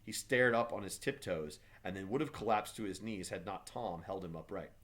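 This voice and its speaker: A man, a teacher, reading a novel aloud for his class with steady, measured delivery. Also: sits low.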